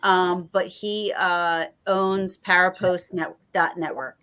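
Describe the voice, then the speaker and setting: A woman's voice: lowish voice, fairly even intonation, slow pace, sharp tone, clear, resonant tone, poor audio. A woman hosting a paranormal talk show, chatting casually and rambling through a story with many fillers. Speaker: podcast host. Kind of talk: casual chat.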